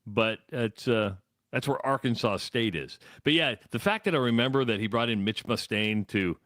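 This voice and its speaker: Chatty middle-aged Midwestern radio host. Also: male voice, mid-range voice, normal speed, a bit bright, no room sound. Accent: American Midwest. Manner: rambling, self-correcting storyteller. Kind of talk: casual sports talk. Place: radio studio.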